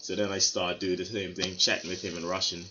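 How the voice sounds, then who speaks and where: Low-voiced man rambling through a story. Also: level tone, a little fast, sharp tone. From Bermuda. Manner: rambling, many fillers and restarts. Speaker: vlogger. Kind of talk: casual storytelling to camera. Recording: slightly dull lo-fi sound with faint noise.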